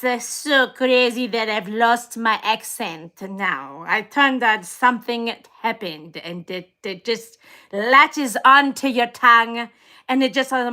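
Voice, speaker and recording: High, bright-voiced woman in a silly skit. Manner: playful, repetitive, breaks into laughs. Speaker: dog groomer hosting a live stream. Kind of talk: silly improvised live skit.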